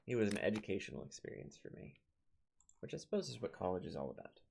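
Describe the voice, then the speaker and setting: Young Minnesotan male gamer, low and gravelly, laid-back running commentary. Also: sing-song, moderate pace, long pauses, a little mellow, slight background noise. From Minnesota, United States. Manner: chatty, talks to his units, chuckles often. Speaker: let's play host. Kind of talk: casual gameplay commentary.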